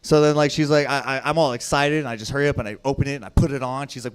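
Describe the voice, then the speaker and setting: This young comic races through his foul-mouthed club set with barely a pause, his tone steady and smooth even as he jumps between yelling and muttering under his breath.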